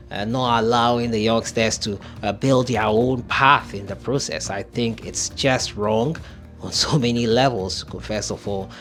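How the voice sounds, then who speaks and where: A man's voice: on the low side, fairly bright tone. A man hosting football news, giving opinionated commentary as he thinks aloud. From Ghana.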